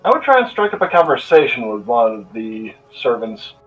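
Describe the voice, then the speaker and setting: A man's voice: medium pitch, big pitch swings, normal speed, fairly bright tone, faint music behind. Casual male player, slightly distant. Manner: casual, thinking aloud. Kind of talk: casual tabletop game play.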